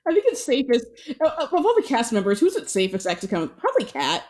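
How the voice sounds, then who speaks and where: A woman's voice: fairly high pitch, very animated, fast talker, darkish tone. A young woman co-hosting a podcast, chatting casually and making playful asides. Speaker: podcast co-host. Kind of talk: casual chat.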